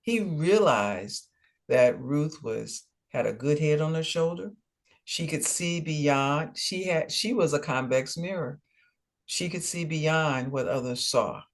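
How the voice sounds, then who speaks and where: Male ministry co-host, unhurried Bible storyteller, playful voices for characters. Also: fairly high pitch. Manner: storytelling, acts out dialogue. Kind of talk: conversational Bible teaching.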